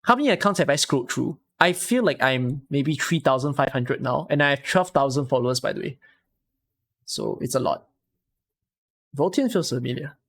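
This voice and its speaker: A Singaporean woman with a Singaporean English accent, chatting casually with viewers on a live stream, rambling and breaking into excited exclamations. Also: rumbling low, normal speed.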